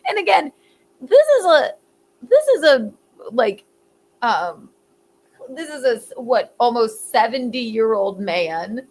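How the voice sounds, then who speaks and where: A woman's voice: a little high, very animated, takes it slowly, long pauses, darkish tone. A woman hosting a casual comedic commentary show, rambling and giggling as she talks, and swearing freely. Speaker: host.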